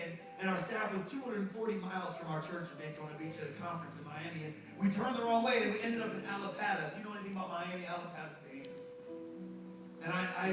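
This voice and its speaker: A middle-aged male pastor preaching a sermon, animated and joking with the congregation as he tells stories. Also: sits high. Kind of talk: sermon with storytelling. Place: church sanctuary. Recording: echoey hall, distant mic, music behind.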